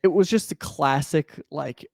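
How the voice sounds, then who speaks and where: A man co-hosting a casual podcast over a video call, telling stories with lots of laughter and acting out the people in them in high voices. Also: measured pace, gravelly, darkish tone, no room sound, studio quality. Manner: laughing storyteller who acts out quoted people in high voices. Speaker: podcast co-host. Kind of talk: casual chat.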